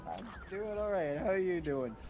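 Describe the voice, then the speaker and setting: A man's voice: sits high, lively intonation, moderate pace, music in the background. A young man playing a tabletop game, laid-back and casual, swearing now and then. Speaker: player.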